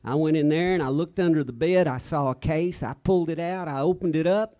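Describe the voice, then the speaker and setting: A singer-songwriter man telling a story to a live audience in a chatty, animated way, acting out the people in it. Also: a little high, fairly quick. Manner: chatty, animated, acts out the quoted voices. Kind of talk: casual onstage storytelling. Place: live stage.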